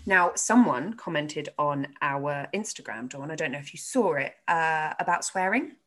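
A woman's voice: low-pitched, lively intonation, moderate pace, bright, forceful tone. A woman who teaches yoga, co-hosting a casual chat, swearing freely and laughing often. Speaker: podcast co-host, yoga teacher.

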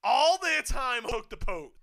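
A man giving excited live wrestling commentary, swinging from hushed muttering to sudden shouts, swearing and laughing often. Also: very high voice, a little slow. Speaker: co-host of a wrestling watch-along.

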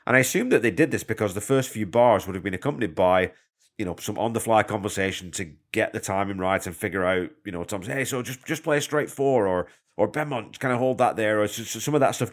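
Low-voiced man hosting a music podcast. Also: fast. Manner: chatty, enthusiastic, conversational with asides. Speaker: podcast host. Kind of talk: casual music commentary.

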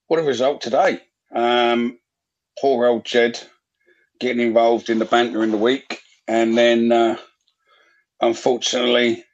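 A man's voice: mid-range voice, dull audio. Chatty man hosting a live fan show. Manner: easygoing, chatty, loose with fillers. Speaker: podcast host.

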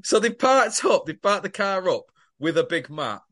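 Brief: male co-host, animated sweary storyteller. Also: high-pitched, normal speed. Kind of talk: casual recap chat.

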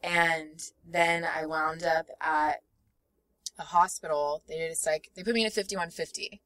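Young woman guest, low-ish bright voice, chatty and rambling, slightly distant mic. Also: steady tone, a little slow. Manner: rambling, full of fillers, laughs often, acts out quotes. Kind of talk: casual storytelling chat.

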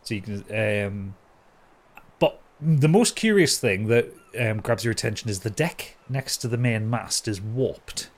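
Relaxed male game master. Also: mid-range voice, measured pace. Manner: relaxed, many fillers. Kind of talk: narrating a tabletop game.

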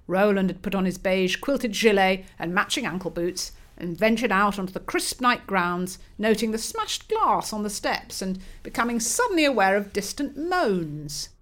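A woman's voice: medium pitch, sing-song, moderate pace, few pauses, fairly bright tone. Woman narrating a bawdy comic story.

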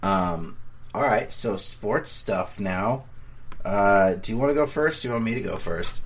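A man's voice: fairly low pitch, lively intonation, measured pace. A man co-hosting a casual comedy podcast, rambling and self-deprecating, often repeating himself as he talks. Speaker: podcast co-host. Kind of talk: casual comedic sports chat. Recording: faint background noise.

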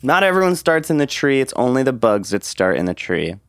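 A man improvising a comedic story in a rambling, halting way, with many fillers and frequent throat clearing. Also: mid-range voice, sing-song. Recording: loud guitar music behind. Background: guitar music.

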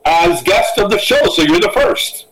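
A man co-hosting a podcast in casual chat, halting and correcting himself mid-sentence. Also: high voice, huge pitch swings, far from the mic, music in the background, low-quality recording. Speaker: podcast co-host.

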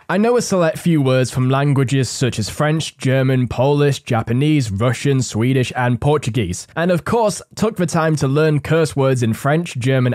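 A man's voice: mid-range voice, darkish tone, no echo, clean studio sound. A man in his twenties reading stories aloud and adding casual, wry comments after each one. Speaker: story narrator.

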